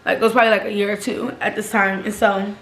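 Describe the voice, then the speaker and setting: A young woman vlogger, telling a personal story casually and acting out the quotes in a raised voice. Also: fast. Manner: animated, acts out quotes in higher pitch. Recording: echoey room, faint background noise.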